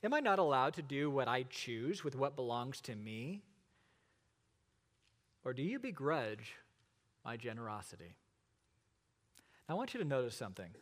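A middle-aged male pastor preaching a sermon, asking rhetorical questions and pausing for effect. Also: medium pitch, very animated, big-room sound. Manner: expository preaching with rhetorical questions and dramatic pauses.

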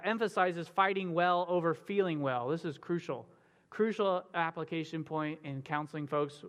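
A man's voice: a little high, clear, resonant tone, long reverb tail. A man giving an earnest, conversational teaching on biblical counseling, reading scripture aloud with frequent fillers. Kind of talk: sermon-style teaching with read scripture.

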